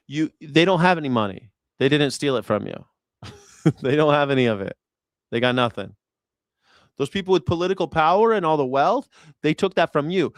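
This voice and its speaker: Recorded with clean studio sound and no echo, a man with a slightly high voice hosts a news reaction show. He rants about politics in a crude, sarcastic, mocking style loaded with swearing.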